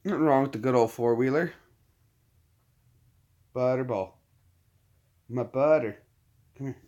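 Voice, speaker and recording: A man hosting a casual live chat, often cooing soft baby talk to his dogs. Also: medium pitch, a little slow, highs cut off. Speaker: channel host.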